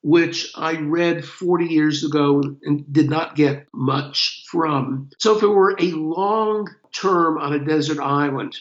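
Slow-talking older man in an echoey room. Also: a little high. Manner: slow, thoughtful, chuckling. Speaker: guest. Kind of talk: casual interview chat. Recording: echoey, dull lo-fi room sound.

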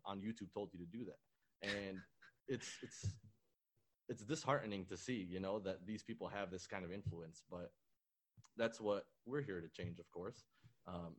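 A man, a fitness and nutrition coach, chatting as a laid-back guest on a podcast. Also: sits low. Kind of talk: casual podcast conversation.

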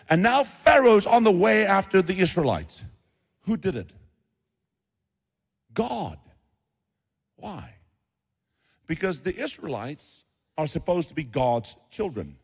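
A man's voice: on the high side, slightly rough, long reverb tail. A middle-aged man preaching a sermon, acting out the voices of biblical figures as he tells the story. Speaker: pastor.

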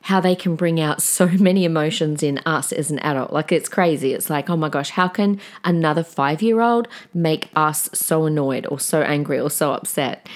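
An Australian woman in her forties talks to her listeners in a loose, chatty way, with a low voice. She tells stories with plenty of fillers and restarts, as if talking with friends. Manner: chatty, animated storytelling with frequent fillers. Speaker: parenting podcast host. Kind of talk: conversational monologue.

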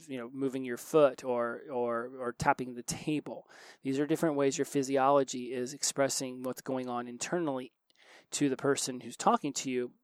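A man hosting a solo self-help podcast. He talks fast and restarts his sentences often. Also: medium pitch, smooth, no echo. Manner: fast-talking, with frequent restarts. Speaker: podcast host.

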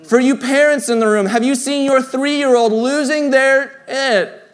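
High-voiced male pastor preaching. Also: fairly even intonation, measured pace. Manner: conversational preaching, drops to soft hushed tones for tender lines. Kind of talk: sermon. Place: church.

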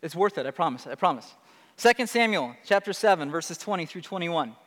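A man's voice: a little high, animated, fairly quick, fairly bright tone, long reverb tail. A man preaching a sermon as pastor, conversational and emphatic, often restarting and asking rhetorical questions. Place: church sanctuary.

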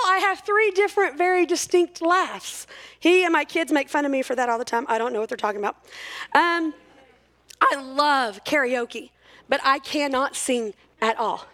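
A woman's voice: extremely high pitch, sharp tone. A woman in her forties giving a chatty, self-mocking talk to a church crowd, full of jokes. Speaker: church speaker. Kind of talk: humorous talk at a church service.

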